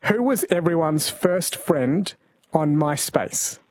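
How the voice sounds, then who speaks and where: A man's voice: fairly high pitch, animated, takes it slowly, darkish tone, slight background noise. A man hosting a call-in radio show, chatty and playful with callers. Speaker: radio host.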